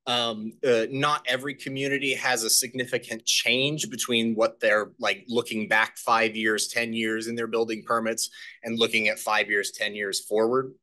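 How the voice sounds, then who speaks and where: A man walks a committee through planning data in a public meeting. His voice is bright and forward, and his talk is halting, full of fillers and restarts. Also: mid-range voice, flat delivery. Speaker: staff presenter.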